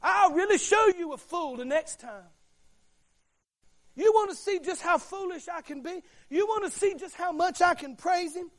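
A man's voice: very high voice, moderate pace, pitched above the performer's own voice. A man voicing a defiant king who insists on his right to praise. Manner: defiant, pleading.

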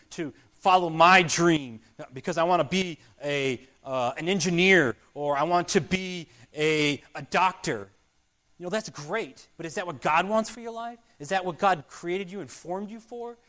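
Man, pastor, sermon, earnest, repetitive, fairly high voice. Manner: earnest, repetitive, rising and falling loudness.

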